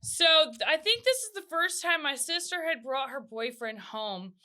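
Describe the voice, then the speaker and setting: High, bright-voiced woman telling stories. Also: moderate pace. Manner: animated storytelling, acts out family voices. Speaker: podcast co-host. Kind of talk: casual chat.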